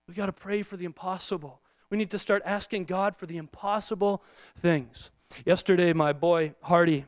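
A man's voice: high voice, smooth, no room sound. A man in his thirties, a pastor preaching a sermon in a chatty storytelling way, acting out prayers and family moments. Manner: conversational storytelling, acts out quoted prayers.

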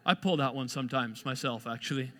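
A man's voice: medium pitch, brisk, fairly bright tone. A man preaching a sermon in a conversational, self-deprecating way, acting out mock apologies. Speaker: pastor. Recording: long hall reverb.

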